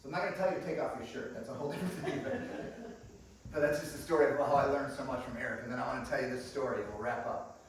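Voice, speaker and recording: A man's voice: mid-range voice, very fast, a little hiss or hum. A male pastor telling funny stories in a sermon and calling the congregation friends, recorded from a distance in a church hall. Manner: lively, humorous storyteller who calls the congregation friends. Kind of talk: storytelling sermon. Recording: echoey hall, distant mic.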